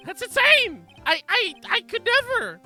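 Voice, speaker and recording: A woman voicing a panicked male magician with an American Southern accent, pleading loudly. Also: extremely high pitch, sing-song, a little slow, soft background music, voice pushed up, full character voice. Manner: frantic, pleading, loud.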